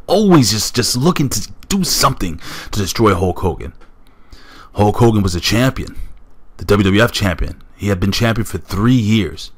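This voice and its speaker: A man's voice: lowish voice, a bit bright. A man hosting a casual countdown commentary, talking enthusiastically and straight to his viewers. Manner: enthusiastic, addresses viewers directly. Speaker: host.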